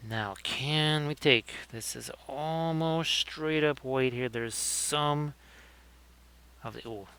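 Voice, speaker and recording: A man's voice: on the high side, takes it slowly, pushed and bright, clean tone. A man hosting a livestream, chatting casually and joking as he talks through painting his miniatures. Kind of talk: casual live commentary.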